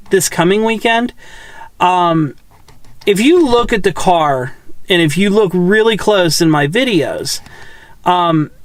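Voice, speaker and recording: A woman's voice: lowish voice, no echo. A woman hosting her own car channel who talks casually to the camera in a chatty, rambling way full of fillers. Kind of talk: casual vlog talk to camera.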